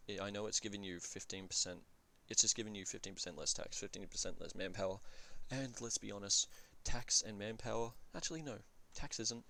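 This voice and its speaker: A man's voice: fairly low pitch, creaky, bright, forceful tone, slight background noise. A man giving casual commentary on a strategy game, thinking aloud and often correcting himself mid-sentence with fillers. He talks in an offhand, blunt way and swears now and then.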